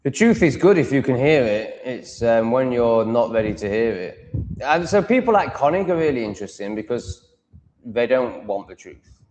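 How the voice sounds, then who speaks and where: A man's voice: medium pitch, sing-song, moderate pace, darkish tone, low-quality recording. An English man hosting a livestream, ranting bluntly and swearing freely as he answers viewer comments. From England. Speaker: livestream host. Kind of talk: live stream chat answering comments.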